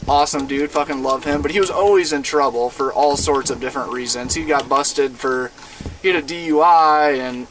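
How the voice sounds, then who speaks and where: A man's voice: on the high side, a bit bright, slight background noise. A man in his twenties from Iowa, telling a rambling, profane story in casual chat while streaming a game. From Iowa, USA. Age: 20s. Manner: laid-back, profane, rambling with lots of fillers. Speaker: gaming streamer. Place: inside a van.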